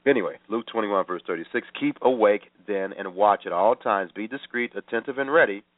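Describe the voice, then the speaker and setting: A man's voice: lowish voice, fairly quick, no room sound. A man hosting a radio Bible teaching program, talking earnestly and repeating himself with fillers. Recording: tinny phone-line sound.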